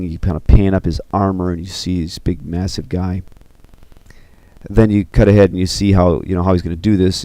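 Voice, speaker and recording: A man casually pitching a film story scene by scene, loose and rambling with many fillers. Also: warm tone, no echo. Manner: loose and rambling, full of 'you know' and 'kinda'.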